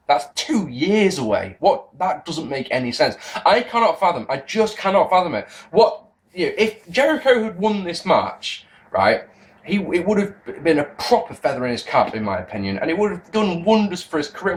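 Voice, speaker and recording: A young man giving a casual spoken review to camera, rambling, excitable and often breaking off mid-sentence. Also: on the high side, a little fast. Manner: rambling, self-interrupting, excitable. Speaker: wrestling video reviewer.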